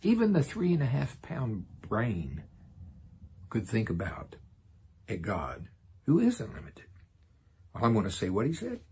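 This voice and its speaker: A man preaching a sermon in a lively way, laughing often and acting out quoted voices. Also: mid-range voice, a little slow, long pauses, slightly rough.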